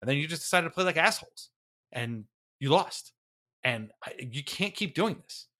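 A man's voice: on the high side, animated, moderate pace, bright, forceful tone. A man co-hosting a sports podcast, ranting in exasperation with frequent swearing and laughs. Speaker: podcast co-host. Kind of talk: casual sports talk.

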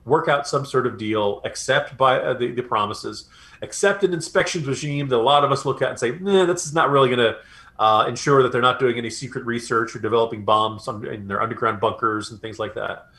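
A man's voice: medium pitch, brisk, sharp tone. A man co-hosting a political podcast, talking in a loose, rambling way and slipping into mocking voices when he paraphrases others. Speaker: podcast co-host. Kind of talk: casual political commentary.

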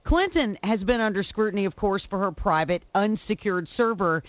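A woman's voice: mid-range voice, normal speed, no room sound, dull audio. A woman co-hosting a political radio show, reporting in a matter-of-fact way with fillers.

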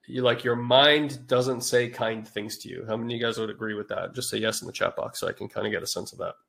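A podcast host rambles casually to a live chat audience, sounding nasal from a cold and informal, with frequent fillers. His mid-range voice is creaky and fairly bright, with fairly even intonation and a fast pace.

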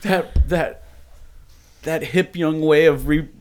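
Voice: mid-range voice, slow. A podcast co-host in a casual chat, joking with dry, mock-grand phrasing.

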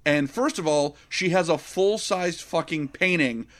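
A man co-hosting a casual movie podcast, retelling scenes in an excitable, profane way. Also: fairly high pitch, unhurried. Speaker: podcast co-host. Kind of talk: casual movie review chat.

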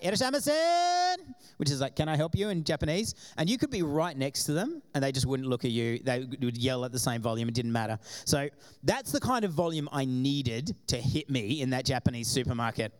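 A man's voice: a little high, fairly quick. A man from Australia preaching a sermon to his congregation, telling personal stories and acting out the voices of the people in them. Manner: animated storytelling, acting out quoted voices. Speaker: pastor. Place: church before a congregation.

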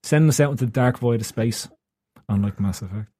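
Husky, fast-talking Irish man. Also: medium pitch, warm tone. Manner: joking, rambling exaggeration. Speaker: podcast host. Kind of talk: casual chat.

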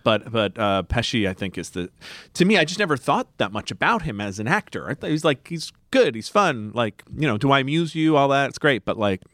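A man's voice: medium pitch, brisk, no room sound, studio quality. A man co-hosting a podcast, chatting casually about films, musing and restarting his sentences. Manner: musing, restarts often, lively. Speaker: podcast co-host. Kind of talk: casual film discussion.

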